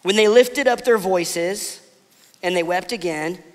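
A man preaching a sermon, telling family stories in a casual, conversational way before dropping to soft, emphatic pauses. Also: sits high, long reverb tail. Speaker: pastor.

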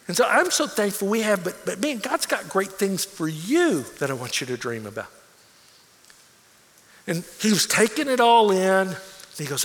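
Man preaching, higher voice, goes from hushed to big emphatic bits, lots of hall echo. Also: big pitch swings, moderate pace. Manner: earnest storytelling, swings from hushed to emphatic. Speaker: pastor. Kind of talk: sermon. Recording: long reverb of a large hall.

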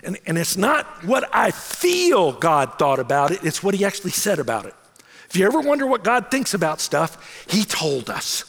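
A middle-aged man, a senior pastor, telling a self-mocking story in an animated way during a sermon. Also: high-pitched, moderate pace, big-room sound.

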